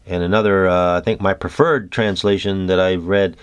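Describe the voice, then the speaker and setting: A man hosting a reflective solo talk about haiku, musing and halting, with many fillers and restarts. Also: low voice, steady tone, smooth. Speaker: host.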